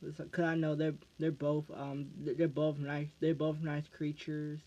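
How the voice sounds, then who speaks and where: An American man chats through viewer questions in a loose vlog style, pitched a little on the high side. He trips over his words, looping back on half-phrases before finishing them. The sound is muffled and lo-fi. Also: completely flat delivery, mellow. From United States. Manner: halting, restarts phrases over and over. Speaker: YouTuber answering fan questions. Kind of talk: casual Q&A vlog. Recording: dull lo-fi recording.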